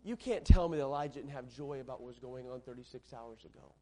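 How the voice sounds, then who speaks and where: A man's voice: mid-range voice, quick pace, darkish tone. A man preaching a sermon with rising fervor and repeated phrases. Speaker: pastor.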